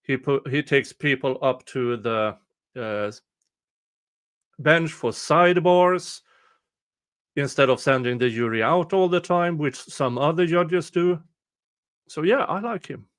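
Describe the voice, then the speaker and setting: A man hosting a livestream, casually commenting in an unhurried, halting way. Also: on the high side, a bit bright. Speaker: livestream host commenting on a trial.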